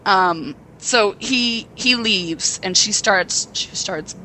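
Young woman, podcast co-host, bright tone, rambling excited storytelling, soft background noise. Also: mid-range voice, measured pace, hardly any pauses, low-quality recording. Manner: excitable, rambling plot retelling with acted quotes. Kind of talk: casual chat.

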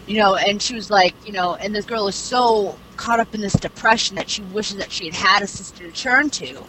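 A young woman talks in a loose, rambling way, circling back with "you know" and "like" and dropping casual swears. A steady hiss of background noise sits under her voice. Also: mid-range voice, a little fast. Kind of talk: casual chat, retelling a series plot.

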